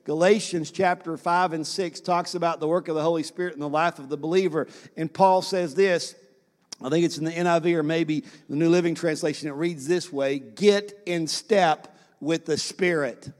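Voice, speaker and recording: High-voiced man preaching a sermon. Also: fairly even intonation, fairly quick, long reverb tail. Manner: preaches with repeated phrases and questions to the congregation. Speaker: pastor.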